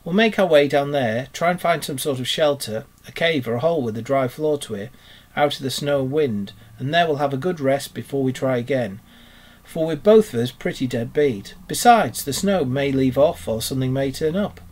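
A man reading aloud and voicing a kindly, practical male rat in a brisk, cheery, husky voice. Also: mid-range voice, a little mellow, close to an everyday voice. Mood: determined.

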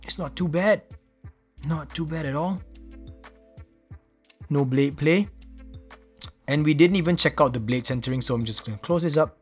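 A man's voice: on the high side, moderate pace, long pauses, husky, faint music behind. A man from Singapore with a Singaporean English accent, casually narrating an unboxing and reviewing details with enthusiastic, admiring exclamations. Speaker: knife reviewer.

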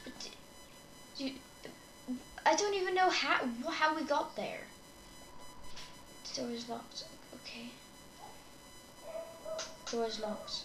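A woman's voice: sits high, expressive, slow, pauses often, background noise. A woman casually talking through a video game, hesitant and trailing off as she reads along. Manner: hesitant and mumbling, trailing off with "I guess". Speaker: gamer. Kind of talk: casual let's-play commentary. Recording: echoey room with game music.

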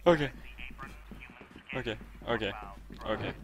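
A man's voice: medium pitch, measured pace. A man streaming a horror game, panicking, swearing and repeating himself as he calls out moves to his team. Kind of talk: live gameplay commentary.

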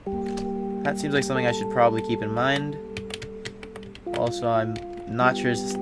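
A young man with a mid-range voice narrates his live playthrough. He rambles, restarts his sentences and jokes at his own expense. Game music plays clearly underneath him. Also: mid-range voice. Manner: rambling, thinks aloud with frequent restarts; casual slang, self-mocking. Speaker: streamer. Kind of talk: live gameplay commentary.

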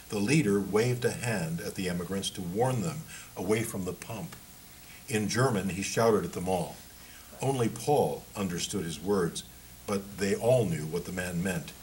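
Low-voiced man reading his book. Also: normal speed, darkish tone, a little hiss or hum, poor audio.

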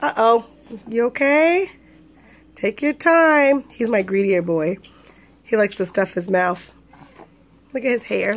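High-voiced young mom, sing-song baby talk. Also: female voice, slow, pauses often. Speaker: vlogger and mother of twins. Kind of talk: casual home vlog. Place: home, at dinner time.

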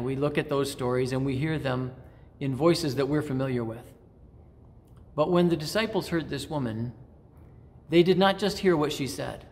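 Middle-aged pastor in a reverberant church. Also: male voice, fairly high pitch. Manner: measured, reflective, with frequent pauses and restarts. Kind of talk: sermon.

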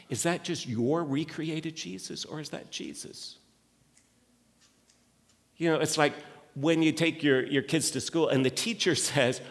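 A man's voice: mid-range voice, measured pace, big-room sound. A man preaching a sermon as lead pastor, talking conversationally with quoted asides and frequent restarts. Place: church sanctuary.

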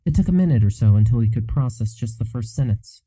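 A man narrating a fantasy novel as an audiobook in a steady, even storytelling manner. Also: medium pitch, quick pace, no echo, rough recording.

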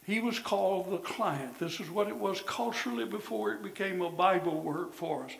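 An older man preaching a sermon as pastor, emphatic, rising to shouts and then dropping low. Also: moderate pace, vocal fry. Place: church. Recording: echoey church sanctuary.

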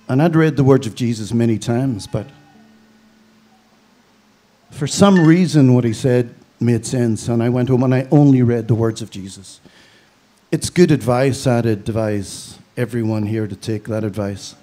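A man's voice: mid-range voice, normal speed, warm tone. A man from Belfast with a Northern Irish accent, giving a eulogy with dry, storytelling humor. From Belfast, Northern Ireland. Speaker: funeral speaker.

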